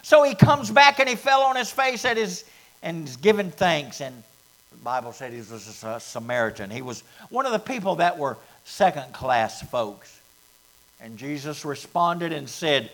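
A man preaching a sermon as pastor, dropping to near whispers and rising to loud, fervent bursts. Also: on the high side, sing-song, a little slow.

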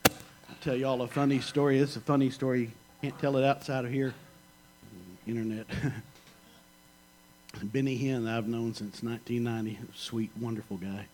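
A man's voice: mid-range voice, steady tone, moderate pace, pauses often, a little hiss or hum, rough recording. A middle-aged man preaching a sermon, telling stories in a folksy, joking way. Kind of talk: sermon with storytelling.

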